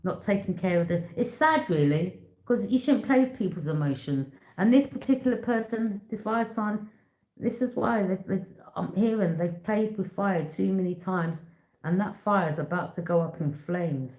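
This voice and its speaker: A woman's voice: medium pitch, moderate pace, darkish tone. A woman giving a casual tarot reading, talking bluntly and with emphasis, repeating herself and speaking straight to the viewer. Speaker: tarot reader. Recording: echoey room.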